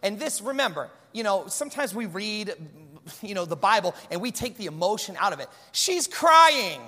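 A man preaching a sermon to a church congregation, animated and conversational, with jokes between points. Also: high-pitched, normal speed. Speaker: pastor. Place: large church hall. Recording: church hall with long reverb.

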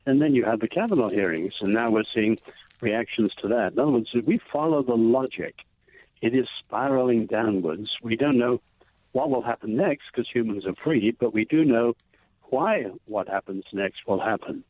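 A man being interviewed, arguing in a measured, emphatic way about politics. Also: medium pitch, lively intonation, dry recording. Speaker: guest. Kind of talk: political conversation. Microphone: phone line. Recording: tinny phone line, dry.

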